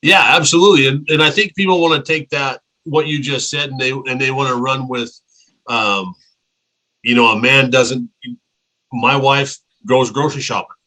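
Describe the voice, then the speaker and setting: A man with a bright, forceful voice co-hosts a relaxed podcast chat. He talks earnestly and rambles, often doubling back on his words as he thinks. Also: mid-range voice, moderate pace, poor audio. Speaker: podcast co-host. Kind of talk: casual podcast interview.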